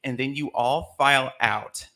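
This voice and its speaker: Male host from Alabama, chatty live storyteller with a bright, forceful voice. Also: medium pitch, unhurried. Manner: chatty, laughing as he tells it. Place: live theater stage.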